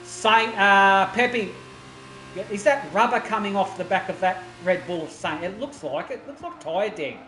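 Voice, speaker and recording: A man commentating a sim racing stream, getting loud and excited at the action. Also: high-pitched, fairly quick, hardly any pauses. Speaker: esports race commentator. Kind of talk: live stream race commentary. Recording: roomy with faint noise.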